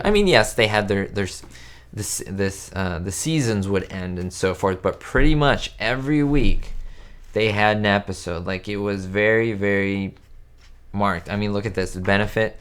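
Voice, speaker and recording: This YouTube host, a man whose first language is Spanish, speaks in a lowish voice with a clean tone. He answers live chat on a relaxed stream through a webcam setup, greeting viewers by name with rambling fillers and restarts.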